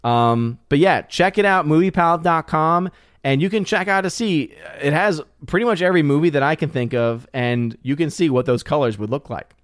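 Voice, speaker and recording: A man's voice: on the high side, moderate pace, dry recording, studio quality. A man hosting his channel, chatting casually and reading viewer comments on a live stream, loose and full of fillers and restarts. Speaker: channel host.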